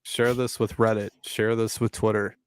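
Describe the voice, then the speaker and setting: A man's voice: lowish voice, level tone, moderate pace, clear, resonant tone, no room sound, clean studio sound. A man co-hosting a livestream sports podcast, talking in playful, joking banter. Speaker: podcast co-host. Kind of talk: casual livestream sports chat.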